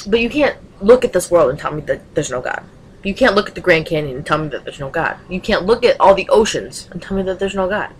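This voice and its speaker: A young woman with a fairly low voice rants casually into her webcam. She talks with emphatic passion and fires off rhetorical questions. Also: lively intonation, fast, a little hiss or hum, rough recording. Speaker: vlogger.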